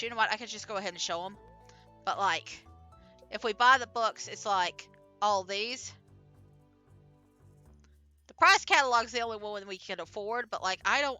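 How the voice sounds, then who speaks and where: A woman's voice: mid-range voice, bright, forceful tone. A young adult woman streaming a farming game, chatting casually with lots of fillers, restarts and giggles. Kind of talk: casual gameplay commentary.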